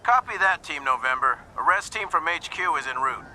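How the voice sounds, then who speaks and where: An actor playing a ranger headquarters dispatcher speaking clipped radio protocol over a radio. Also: male voice, a little high, animated, a little fast, sharp tone, slight background noise, low-quality recording. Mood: businesslike.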